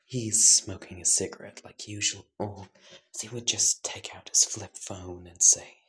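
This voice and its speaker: A man narrating a fan-fiction story in a soft whisper, with casual asides. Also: on the low side, steady tone, unhurried.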